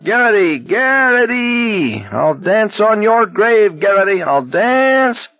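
Casting note: a shrill, manic young man gone unhinged, voiced by a male narrator, dry and slightly muffled. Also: very animated, takes it slowly, dry recording, exaggerated voice. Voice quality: high, shrill whine. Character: whining, unhinged young man who cackles and sobs.

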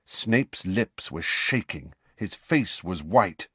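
A man narrating an audiobook in an expressive, dramatic way. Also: sits low, slow pace, slightly rough, no room sound.

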